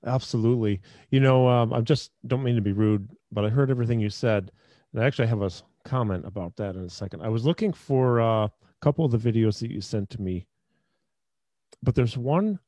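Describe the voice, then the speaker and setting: A man's voice: medium pitch, brisk, dark tone, no room sound. Chatty middle-aged male host, dry sound. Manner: chatty, digressive. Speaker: podcast host. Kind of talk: casual interview talk.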